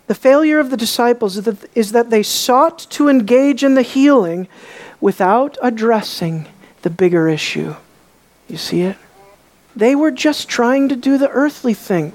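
A woman preaching a sermon, emphatic and full of rhetorical questions, dropping to a hush on key words. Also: on the high side, unhurried.

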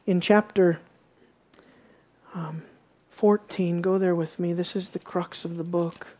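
A woman's voice: lowish voice, steady tone, takes it slowly, long pauses, dark tone. A woman preaching a sermon, reading scripture aloud with emphasis and asking her listeners questions.

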